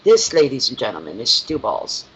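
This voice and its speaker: Huge pitch swings mark this tarot reader's mid-range, fairly bright voice, and his pace stays moderate. He wanders through casual live-stream chatter, fondly baby-talking to his cat. Expect dull, lo-fi sound with a little background noise.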